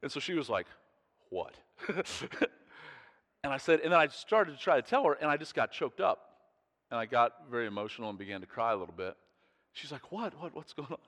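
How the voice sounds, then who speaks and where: A man's voice: mid-range voice, lively intonation, a little fast, fairly bright tone. A pastor tells a story from the pulpit in a loose, conversational way, restarting sentences and chuckling between them. His voice sits in an ordinary middle register for a man. The sound rings out with the long reverb of a large hall. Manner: chatty, self-interrupting, chuckles often.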